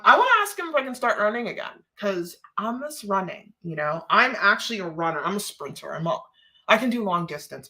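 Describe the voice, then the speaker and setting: A woman's voice: on the low side, bright, forceful tone. A woman hosting a live stream, chatting casually and rambling, laughing often and answering viewer comments.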